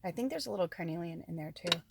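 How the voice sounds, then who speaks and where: A woman's voice: fairly low pitch, lively intonation, quick pace, creaky, heavy background noise. A woman giving a casual spiritual card reading at home. She rambles in a chatty way, full of asides and "like". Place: at home indoors.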